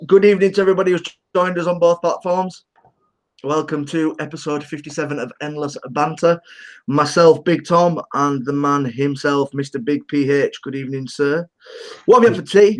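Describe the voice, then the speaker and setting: A man's voice: fairly high pitch, normal speed. A man co-hosting a casual livestream, bantering, swearing and laughing a lot. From England. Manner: laughs often, teasing. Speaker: co-host of a vaping livestream.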